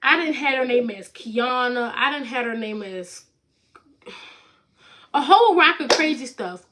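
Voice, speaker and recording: A woman's voice: on the high side, lively intonation, unhurried, noisy background. A young woman vlogger rambling through a personal storytime in a casual, chatty way, full of fillers and "like".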